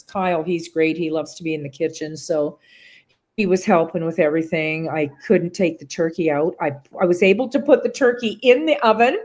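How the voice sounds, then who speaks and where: A woman's voice: fairly low pitch, darkish tone. A middle-aged woman recounting a personal ordeal as an interview guest, rambling with many restarts and strong emotion.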